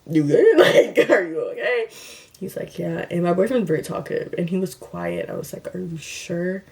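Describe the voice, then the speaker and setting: A young woman with a slightly low voice tells a casual storytime vlog. She chats loosely with plenty of fillers and slips into the voices of the people in her story. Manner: chatty, acts out quotes of herself and others, many fillers. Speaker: vlogger.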